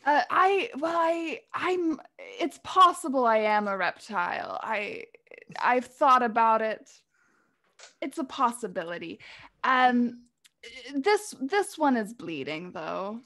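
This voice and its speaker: A towering, strange frontier woman, as a woman puts her on, slow and halting, utterly deadpan. Her voice is bright and clear in a tabletop game. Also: a little high, heavily acted. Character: very tall, odd, deadpan woman rider.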